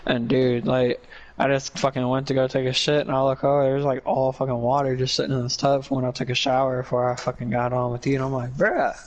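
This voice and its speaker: A man's voice: medium pitch, monotone, fast, lo-fi sound. A young man chatting with a friend during a game stream, rambling with lots of fillers and swearing. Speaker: gaming friend.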